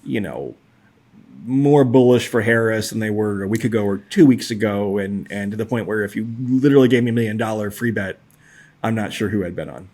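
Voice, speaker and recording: A man's voice: on the low side, fairly quick, a little mellow. A man in his forties co-hosting a podcast, talking through data in a casual, hedging way with lots of fillers and a wry edge. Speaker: podcast co-host. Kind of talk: casual analytical chat.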